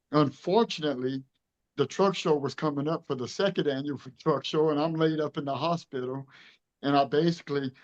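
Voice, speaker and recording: A Louisiana man in his fifties, a truck show director, tells his story in an interview with earnest emotion, acting out the dialogue. His voice is medium-pitched and the audio sounds dull.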